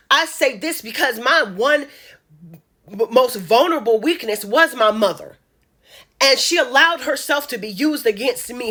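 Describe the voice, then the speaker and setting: Woman from Chicago, slightly high, sharp-edged voice, impassioned direct-address commentary with repeated emphatic phrases. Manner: emphatic, repetitive, speaks straight to the audience. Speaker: social media commentator. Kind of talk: impassioned monologue to camera.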